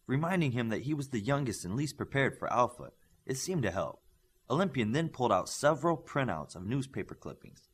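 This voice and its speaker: A man reading a novel aloud as an audiobook narrator, raising his voice for dialogue and dropping low for the speech tags. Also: big pitch swings, a little fast, slightly rough. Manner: lifts pitch and volume for dialogue, drops low for tags.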